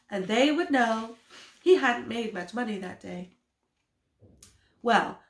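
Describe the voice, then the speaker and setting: A woman reading a storybook aloud to children as a theatre school storyteller, in an expressive, animated way. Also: on the high side. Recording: roomy echo.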